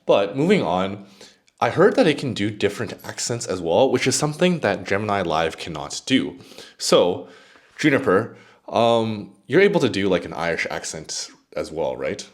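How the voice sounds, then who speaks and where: A man's voice: on the low side, very animated, normal speed. A man hosting a casual tech review video, chatting with an AI assistant as he goes. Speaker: tech YouTuber.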